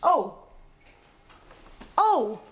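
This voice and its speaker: An actress playing an indignant, quick-tempered housewife married to a prisoner. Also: female voice, high-pitched, big pitch swings, heavily acted. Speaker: sitcom character. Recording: audible background noise.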